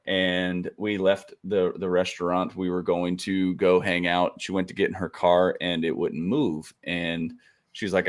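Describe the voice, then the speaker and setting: Co-host, man with a fairly low voice, relaxed chatty storyteller who laughs easily. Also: normal speed. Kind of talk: casual chat. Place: home studio on a live stream.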